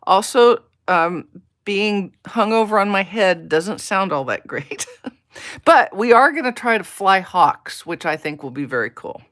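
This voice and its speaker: Measured and animated, a medium-pitched voice with a fairly bright tone belongs to a U.S. papercraft demonstrator. During her live-stream card-making tutorial she chats while working, talks to herself and welcomes viewers by name.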